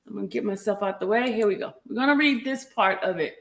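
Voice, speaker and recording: A fast-talking woman with a mid-range voice hosts a casual livestream, barely pausing as she greets viewers by name and reads documents aloud. She's chatty, stops now and then to cough and catch her breath, and makes apologetic asides.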